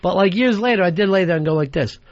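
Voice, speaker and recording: A man hosting a radio talk show, telling profane stories in an animated way and laughing through them. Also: high-pitched, quick pace, dry recording. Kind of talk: profane storytelling chat. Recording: lo-fi radio broadcast recording.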